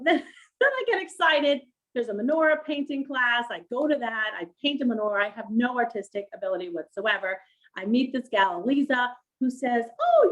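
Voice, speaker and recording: A middle-aged woman telling her story as an interview guest, animated and laughing often as she acts out quoted voices. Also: on the high side, poor audio. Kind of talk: storytelling on a livestream.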